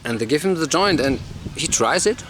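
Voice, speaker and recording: A man's voice: on the high side, lively intonation, normal speed, fairly bright tone, a little hiss or hum. Man rambling through a long joke. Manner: rambling, with fillers and restarts. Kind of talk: telling a long joke story.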